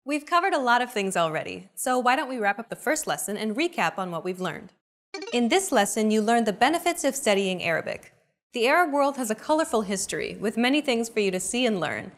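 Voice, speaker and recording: A woman's voice: on the high side, sing-song, fairly quick, slight background noise. A woman hosting a language lesson, reading a scripted explanation and cheering learners on with short prompts. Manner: bright, encouraging teacher prompts.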